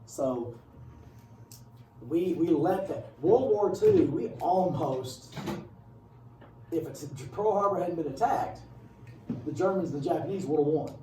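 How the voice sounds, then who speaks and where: A man's voice: on the high side, sing-song, measured pace, long pauses, background noise. A male history teacher giving a casual classroom lecture, rambling with joking asides. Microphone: far camera. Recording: echoey room from far off.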